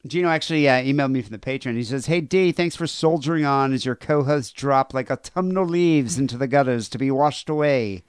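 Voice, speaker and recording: A man's voice: medium pitch, fairly quick, hardly any pauses, clean tone, no room sound, studio quality. A man hosting a podcast in casual chat, rambling and crude, reading listener emails aloud. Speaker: podcast host.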